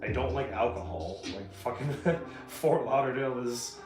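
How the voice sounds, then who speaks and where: A man's voice: mid-range voice, animated, moderate pace, darkish tone. A man chatting casually on a livestream, telling stories with plenty of swearing and laughter. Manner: profane, laughing storyteller. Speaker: streamer. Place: home room while painting. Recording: roomy echo, faint guitar music.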